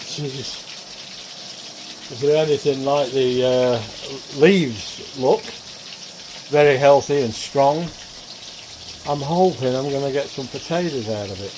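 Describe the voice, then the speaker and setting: Man, unhurried, mid-pitched, casual cooking chat, kitchen sizzle and water noise. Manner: chatty, relaxed, addresses viewers as folks. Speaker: cooking vlogger. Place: home kitchen. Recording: frying and running water noise. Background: sizzling pan and tap water.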